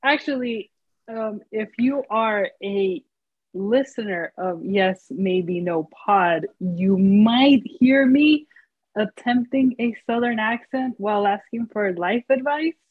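Slow, husky-voiced woman co-host. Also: medium pitch, no room sound, narrow, tinny audio. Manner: halting, many fillers, playful. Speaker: podcast co-host. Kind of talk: casual chat.

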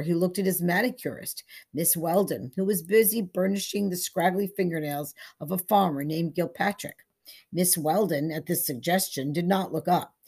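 Low husky woman narrating a story. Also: darkish tone. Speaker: story reader. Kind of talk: scripted narration.

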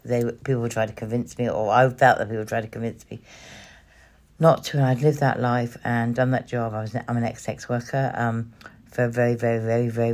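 A woman hosting a podcast, telling her personal story in an emotional, halting way with many restarts. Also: a bass voice. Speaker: podcast host.

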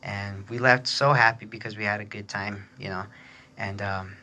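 A man's voice: on the low side, steady tone, normal speed, sharp tone. A man hosting a podcast, telling a long personal story in a rambling, chatty way, laughing often and mimicking other people with a raised voice. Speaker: podcast host. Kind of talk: casual storytelling.

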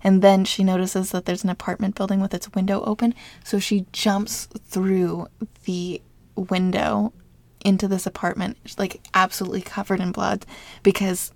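A woman's voice: medium pitch, level tone, moderate pace, gravelly, darkish tone, no echo. A young woman co-hosting a podcast, casually retelling a true-crime story with lots of "like" fillers. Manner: chatty storytelling, frequent "like" fillers. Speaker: podcast co-host.

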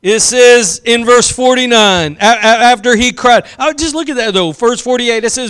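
Man, preacher, sermon, impassioned, bright, smooth voice. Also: very high voice. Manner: impassioned, drawn-out emphatic phrases, acts out quotes.

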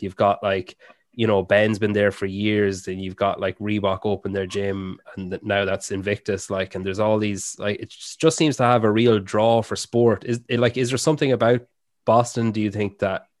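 A man's voice: on the low side, no room sound, clean studio sound. Rambling man hosting a podcast. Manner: rambling, hesitant with many fillers. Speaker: podcast host. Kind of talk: casual interview chat.

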